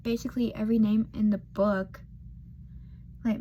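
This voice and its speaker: A woman's voice: on the high side, slow pace, pauses often, slight background noise. An eighteen-year-old woman telling a personal story in a casual, rambling way, full of fillers and self-deprecating remarks, with murmured asides. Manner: murmured asides while doing makeup.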